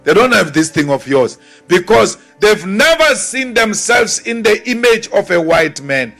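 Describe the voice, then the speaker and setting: A South African politician delivering a rousing, defiant speech to a crowd, repeating phrases for force and mocking timid voices. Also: male voice, sits high, sing-song, measured pace, gravelly, a bit bright, soft background music.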